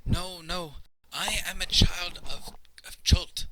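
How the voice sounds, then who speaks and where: A man's voice: high-pitched, takes it slowly, sharp tone, pitched above the performer's own voice, full character voice, rough recording. A man voicing a frightened, tearful male creature servant who pleads in broken speech. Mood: frightened insistent. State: crying.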